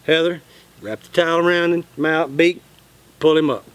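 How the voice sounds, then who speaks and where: Man, casual storytelling, slightly high voice. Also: normal speed, clean tone. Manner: animated, acts out quotes. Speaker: channel host.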